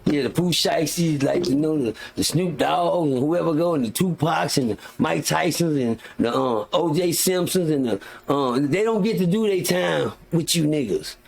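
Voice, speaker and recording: High, gravelly man ranting profanely. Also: expressive, moderate pace, hardly any pauses, a little mellow. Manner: profane, heated, rambling storytelling; frequent restarts and filler words. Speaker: live stream host. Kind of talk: casual live-stream rant.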